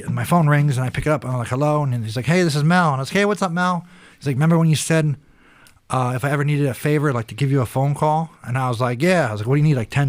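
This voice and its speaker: Brief: male guest in his 40s, mid-pitched, rambling and profane, acts out voices in his stories, dry close mic. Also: no room sound. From Pennsylvania, USA. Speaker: podcast guest, retired kickboxer. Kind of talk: casual storytelling interview.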